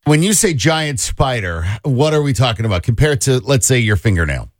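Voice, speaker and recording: A man's voice: mid-range voice, big pitch swings, normal speed, dry recording. A man co-hosting a talk show, teasing and skeptical in a dry, joking way. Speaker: radio show co-host. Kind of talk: casual chat.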